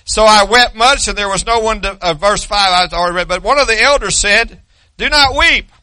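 A man's voice: high-pitched, brisk, bright, forceful tone, no echo. An older man preaching a sermon in an emphatic, repetitive way, with many hesitations.

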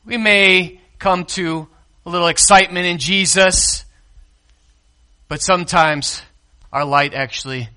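A man preaching a sermon to his congregation, swinging from loud, emphatic declarations to hushed asides and talking directly to the people in front of him. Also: on the high side. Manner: speaks directly to the congregation, calling to the kids and the lights operator. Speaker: pastor.

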